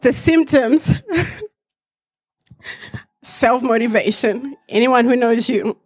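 A woman's voice: fairly high pitch, takes it slowly, a little mellow. A woman in her forties, raised in Africa, giving an earnest personal testimony to a church congregation, reflective with light laughs.

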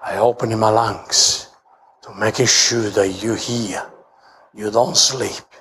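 A middle-aged man pastor with an Italian accent, preaching a sermon in broken English and rising to shouts. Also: steady tone, takes it slowly, slight background noise. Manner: shouts and rises to high pitch when preaching; broken English, storytelling with humor.

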